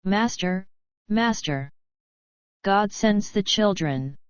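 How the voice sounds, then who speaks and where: A woman's voice: medium pitch, lively intonation, slow, smooth, no echo. A woman voicing a pious male cobbler who pleads and quotes Scripture, in a dry, slightly dull recording. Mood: reproachful. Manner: pleading, preachy.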